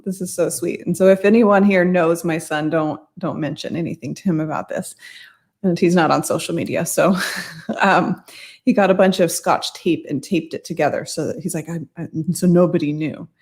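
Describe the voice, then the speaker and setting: Middle-aged woman, casual storytelling talk, rambling and self-correcting, slightly low voice. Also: fairly even intonation, normal speed, a little mellow. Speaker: mindset coach.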